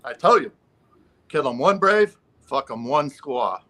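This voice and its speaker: A man voicing a boastful warrior in a joke, with loud, bragging, raised-pitch shouts. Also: big pitch swings, a little slow.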